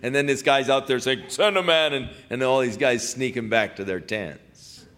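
A man preaching a sermon, retelling a Bible story in a folksy, animated way and mixing scripture with casual paraphrase. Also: mid-range voice, moderate pace.

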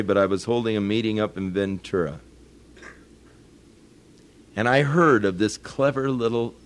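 An older male pastor delivers a sermon in a relaxed, storytelling way, chuckling between points. He builds to firm, earnest emphasis when he drives a point home. His pitch sits in a middle range for a man.

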